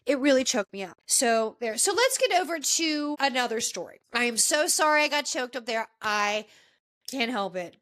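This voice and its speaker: Woman podcast host, choked-up and halting, slightly high voice. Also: fairly bright tone. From Washington, D.C. area. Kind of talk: casual podcast commentary.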